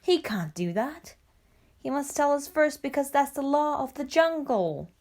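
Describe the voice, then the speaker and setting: A woman's voice: on the high side, expressive, moderate pace, darkish tone, close to an everyday voice. Father Wolf, a woman voicing a stern wolf dad. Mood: alarmed. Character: proud, protective male father wolf. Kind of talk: storybook reading.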